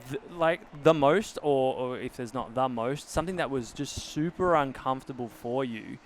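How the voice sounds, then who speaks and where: A man's voice: medium pitch, moderate pace. A man hosting a podcast, talking in an earnest, reflective way with many fillers and restarts. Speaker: podcast host. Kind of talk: casual conversational interview.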